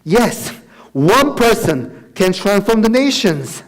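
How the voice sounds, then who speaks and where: A man's voice: high voice, big pitch swings, slow pace. A man giving a personal testimony as a missionary speaker in a church, telling his story with acted-out dialogue and frequent laughter. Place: church sanctuary.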